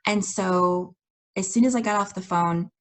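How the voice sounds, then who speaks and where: A woman coach telling a personal story in an enthusiastic, expressive way, laughing often and acting out her past conversations. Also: medium pitch, measured pace. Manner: acts out her own past dialogue. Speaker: life coach.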